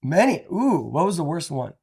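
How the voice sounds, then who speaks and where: A man's voice: fairly high pitch, very animated, moderate pace, vocal fry, a little mellow, husky. A man hosting a podcast, asking joking, teasing questions in casual chat. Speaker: podcast host.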